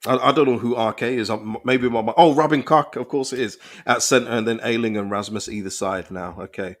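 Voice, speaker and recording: A young man hosting a casual football live stream, reading viewers' comments and reacting with animated, restart-filled talk. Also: medium pitch, a little fast. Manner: animated, thinks aloud with frequent restarts and repeated words. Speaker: football channel host reading live chat.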